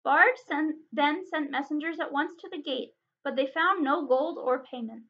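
A woman librarian reading a chapter book aloud in an expressive, dramatic way. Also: high voice, normal speed. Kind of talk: storybook read-aloud. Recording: dull lo-fi recording.

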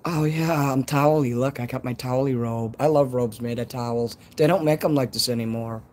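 A man's voice: medium pitch, a little fast, a little mellow. A man from Chicago with a Chicago accent, chatting casually on a live stream outdoors at night, rambling and swearing freely. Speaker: livestreamer.

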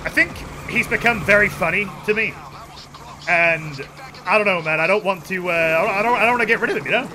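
A young man giving goofy, excitable commentary while streaming a game, with sudden yells. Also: sits high, fairly quick, slight background noise. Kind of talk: casual gaming commentary. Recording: game music playing behind.

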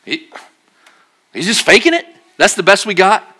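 Guy preaching at church, bright voice pitched a bit high, jokey then quiet and earnest. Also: normal speed. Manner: animated, jokey storytelling with acted-out voices; drops to a quiet, earnest tone for serious points. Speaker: pastor. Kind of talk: sermon.

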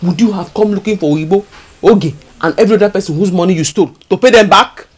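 An actress playing a loud, hot-tempered village tailor who speaks Nigerian English with a husky voice. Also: female voice, medium pitch, quick pace, natural voice. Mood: furious. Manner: angry, confrontational, exclamatory.

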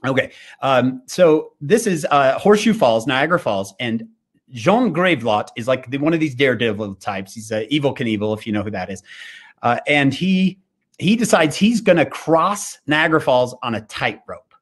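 A man's voice: medium pitch, lively intonation, moderate pace. A man giving a devotional fireside talk, telling a story with animation and frequent fillers and restarts. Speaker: speaker.

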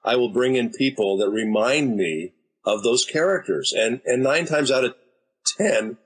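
An American voice actor and director in his fifties, a guest in a casual interview, tells stories in an easygoing, anecdotal way. His medium-pitched voice is husky and animated at a measured pace, though the audio is poor.

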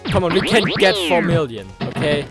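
A young man hosting a gaming let's play, excitable, yelling and swearing at the game, then rambling and hesitant as he talks to viewers. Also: a little high, fairly quick. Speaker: gaming channel host. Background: game music and sounds.

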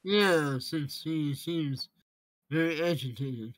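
A man joins a tabletop game in a laid-back, unhurried voice. He speaks slowly, pitched slightly high. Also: dry recording, poor audio. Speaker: player. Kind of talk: casual tabletop play.

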